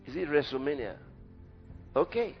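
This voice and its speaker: A man preaching a sermon to brothers and sisters, emphatic, swinging from shouts to low, quiet drops. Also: lively intonation, normal speed. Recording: muffled, long hall reverb, faint music.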